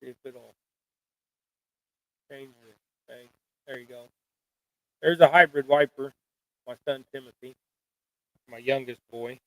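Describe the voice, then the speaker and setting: This fishing channel host, a middle-aged man, has a medium-pitched, sharp-toned voice, speaks a little slowly, and leaves long pauses. While tying jigs at home on a casual live stream, he rambles with folksy self-deprecation. Audio is poor, without echo.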